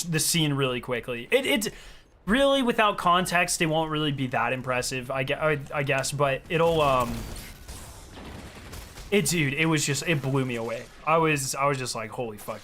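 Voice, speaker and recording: An excitable young male streamer chatting casually with his viewers as he plays, rambling and full of fillers. His voice sits a little high and rings bright and forceful. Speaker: game streamer. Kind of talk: casual chat while playing.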